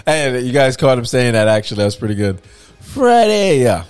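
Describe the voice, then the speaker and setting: A man co-hosting a casual podcast chat, joking around and teasing his friend with quick impressions. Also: medium pitch, clean tone, soft background music. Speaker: podcast co-host.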